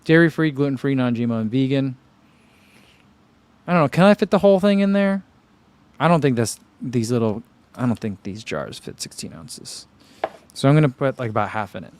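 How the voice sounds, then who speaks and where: An expressive, brisk man with a mid-range, darkish voice hosts a running channel's livestream, wandering casually through viewer comments with lots of fillers.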